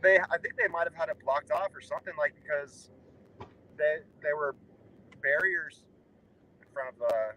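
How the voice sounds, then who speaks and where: A young man with a slightly high voice chats from behind the wheel in a rambling, offhand, wry way. Faint road and engine noise hums underneath him in the car. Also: moderate pace, pauses often, bright, forceful tone, poor audio. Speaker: guest on a road trip. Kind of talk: casual chat. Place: inside a car while driving. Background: faint road and vehicle noise.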